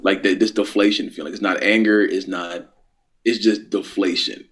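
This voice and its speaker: A man's voice: sits low, steady tone, moderate pace, a bit bright. A man co-hosting a wrestling chat, stammering and repeating himself, sounding deflated. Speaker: wrestling podcast co-host. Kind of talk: casual chat.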